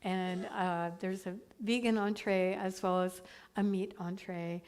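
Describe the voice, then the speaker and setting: A woman's voice: medium pitch, steady tone, unhurried, a little mellow, clean tone. A middle-aged woman minister giving chatty, upbeat church announcements to her congregation, laughing now and then.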